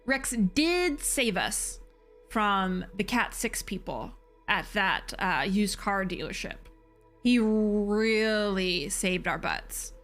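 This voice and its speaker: A woman's voice: mid-range voice, animated, slow pace, fairly bright tone, faint music behind. A woman streaming a video game, talking casually and animatedly, swearing freely. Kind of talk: casual let's-play commentary.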